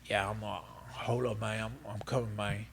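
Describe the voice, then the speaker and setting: Dude doing his buddy the chill rapper, low mumbly voice, stalling while he games. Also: level tone, moderate pace, vocal fry, a bit bright, slight background noise. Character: laid-back male rapper stalling over a video game.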